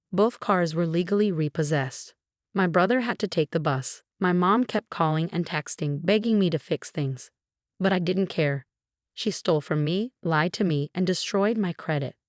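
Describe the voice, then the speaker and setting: A woman narrating a story in a measured, even way. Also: fairly low pitch, no room sound, clean studio sound.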